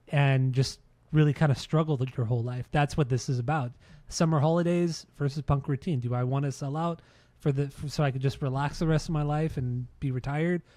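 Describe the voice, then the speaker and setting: A man's voice: fairly high pitch, warm tone, no room sound. A man co-hosting a music podcast, explaining songs in an earnest, casual chat, often repeating and restarting his words. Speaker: podcast co-host.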